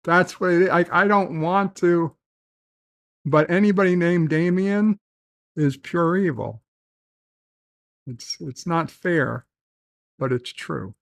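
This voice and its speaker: A man with a high-pitched voice hosting a casual live stream. He speaks slowly and loosely, reading viewer comments aloud and doubling back to correct himself as he rambles. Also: gravelly, dry recording. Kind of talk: casual chat.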